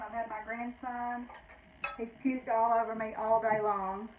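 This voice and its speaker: A woman's voice: on the high side, flat delivery, a little slow, dull audio, a little hiss or hum. An older woman, out of breath, chatting casually as she shows items from her vintage shop and rambles, correcting herself along the way. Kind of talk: casual live sale talk.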